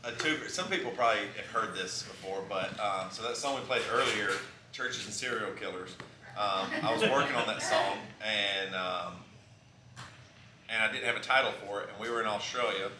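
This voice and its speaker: A man's voice: normal speed, very noisy. A man, telling rambling, self-mocking stories on a live stage between songs. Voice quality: baritone. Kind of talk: onstage storytelling between songs. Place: live music venue. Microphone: stage vocal mic. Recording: roomy live venue with loud music.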